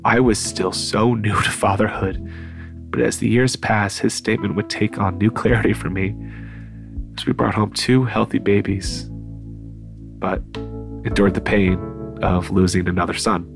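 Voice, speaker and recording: An older man narrating a painful personal memory in a quiet, measured way. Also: lowish voice, fairly even intonation, gravelly, music in the background. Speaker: storyteller.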